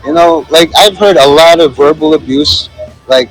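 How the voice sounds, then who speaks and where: A man with a fairly high voice vlogs outdoors on a city plaza, speaking at a moderate pace into a handheld phone. He rambles and jokes through casual walking commentary with many fillers, and the rough recording carries faint music.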